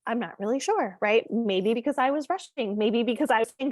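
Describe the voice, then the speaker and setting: A woman's voice: a little high, lively intonation, fairly quick, few pauses, no echo, studio quality. A woman presenting an informal parenting lesson, candid and conversational, often checking in with the listener. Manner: conversational, candid, frequent fillers and check-ins. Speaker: parenting educator.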